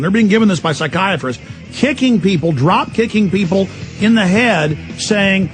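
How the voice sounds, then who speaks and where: Gravelly, fervent American radio host. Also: male voice, high-pitched, animated, moderate pace, soft background music. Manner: fervent, insistent, escalating into shouting. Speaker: radio talk show host. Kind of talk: heated talk radio monologue.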